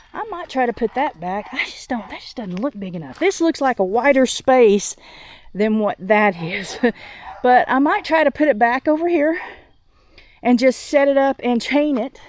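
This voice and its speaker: A woman vlogging outdoors on her farm while doing chores, sick and a little out of breath, thinking out loud with many restarts. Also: on the high side. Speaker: homestead vlogger.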